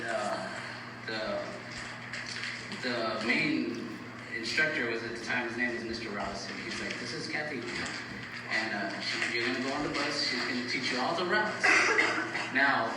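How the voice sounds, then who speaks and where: A middle-aged man, a bus operator, giving a farewell speech full of funny stories and frequent laughter, recorded from a distance. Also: medium pitch. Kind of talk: eulogy anecdote speech. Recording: echoey room recorded from afar, loud ambient noise.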